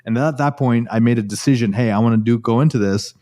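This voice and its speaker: A man's voice: mid-range voice, quick pace. A man in his forties, a cardiologist guest, telling his story in a casual interview, quoting himself often and restarting sentences. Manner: animated, quotes himself often, frequent restarts. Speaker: cardiologist and real estate investor guest.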